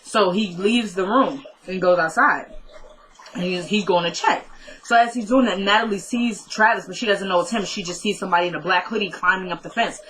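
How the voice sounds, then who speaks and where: A woman chatting through a TV episode recap in a relaxed vlog style. Her voice sits at a middle pitch. She retells scenes by quoting the characters' lines one after another and breaks off for teasing asides to her viewers. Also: brisk, slight background noise, poor audio. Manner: playful asides and mock complaints to the viewer. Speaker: TV episode reviewer.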